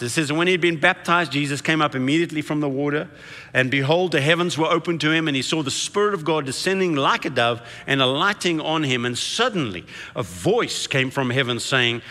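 A man preaching a sermon, telling the story with shifts between hushed and excited delivery. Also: a little high. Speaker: pastor. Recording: echoey hall reverb.

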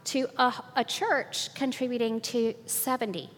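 An older woman giving a personal faith testimony at church, animated and often laughing, acting out what others said. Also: on the high side, unhurried, big-room sound. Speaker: church speaker.

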